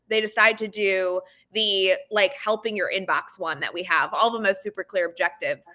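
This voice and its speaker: A woman's voice: medium pitch, sharp tone. A woman education podcaster in a casual panel chat, bubbly and chatty. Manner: bubbly, fast-talking, chatty. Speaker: education podcaster and course creator.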